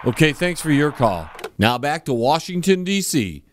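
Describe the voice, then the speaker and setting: A man hosting a comedy call-in show, moving briskly from caller to caller. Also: on the high side, slight background noise. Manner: brisk and lively, moving quickly between callers. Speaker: radio show host.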